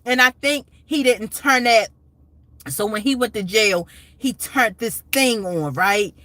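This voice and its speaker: A woman's voice: a little high, a little slow, pushed and bright, dry recording. A woman hosting a casual live stream, talking in a rambling, emotional way with many restarts and asides.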